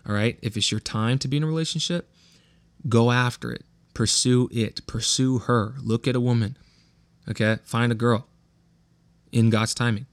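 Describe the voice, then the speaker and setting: A man's voice: mid-range voice, no echo. A young man from California's Central Valley with a West Coast accent, hosting a casual Bible talk podcast in a slangy, loose way. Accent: West Coast American. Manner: casual, slangy, repeats words when restarting. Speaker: podcast host.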